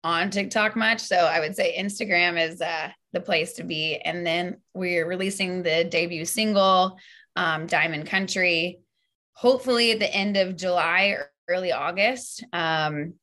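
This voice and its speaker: A woman's voice: fairly low pitch, a little slow. A young woman, a singer-songwriter guest, chatting openly and laughing often in a casual interview. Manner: open, animated, laughs often.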